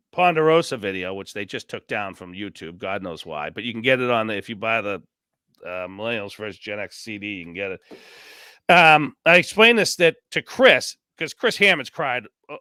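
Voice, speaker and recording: A man talking as a podcast guest in a casual chat, rambling and animated, stumbling over restarts and piling up "you know"s. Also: medium pitch, clear, resonant tone, no room sound, clean studio sound. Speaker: podcast guest, former reality show contestant.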